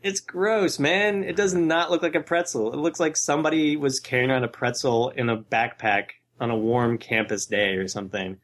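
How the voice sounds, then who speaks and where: A man's voice: medium pitch, steady tone, moderate pace, few pauses, a bit bright. A man co-hosting a casual podcast chat, telling laid-back stories and quoting people as he goes. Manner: laid-back storytelling with quoted voices.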